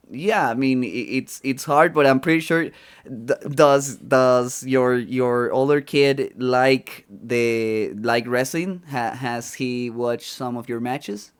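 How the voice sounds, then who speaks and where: Podcast host, man, Spanish first language, smooth clear voice, hesitant and restarting. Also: medium pitch. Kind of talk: casual interview chat.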